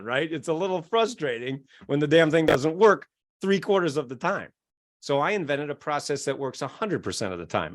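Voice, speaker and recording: A middle-aged man, a self-help author, explains his method in an interview, acting out quoted voices and chuckling often. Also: a little high. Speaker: guest, self-help author and keynote speaker.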